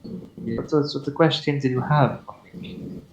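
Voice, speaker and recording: A man's voice: medium pitch, steady tone, unhurried, echoey room, lo-fi sound, natural voice. Reserved snake-woman druid with a Spanish lilt, as a man puts her on. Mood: polite, curious. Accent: attempted Spanish accent. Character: female snake-folk druid, reserved and polite. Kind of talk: tabletop role-play voicing.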